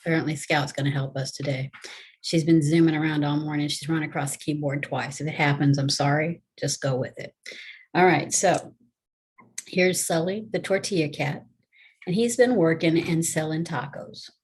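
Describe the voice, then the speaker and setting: Low, husky-voiced teacher. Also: female voice, steady tone, normal speed, a little mellow. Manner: chatty, folksy, explains step by step. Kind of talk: casual classroom video lesson.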